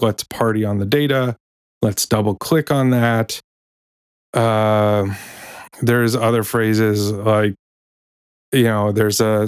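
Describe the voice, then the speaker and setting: A man with a somewhat low voice talks through his ideas in a loose, rambling way, catching and restarting his own sentences. He sounds wry about office jargon. The recording is dry and close, with no room sound. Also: darkish tone, no room sound. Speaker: podcast host and author reading his book. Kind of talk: casual reflective talk, then reading aloud.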